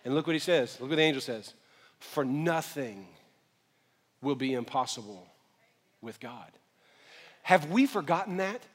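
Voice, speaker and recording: A male pastor preaching a sermon, moving from quiet storytelling to shouted calls to the congregation. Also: medium pitch, lively intonation, unhurried, pauses often, in a large hall.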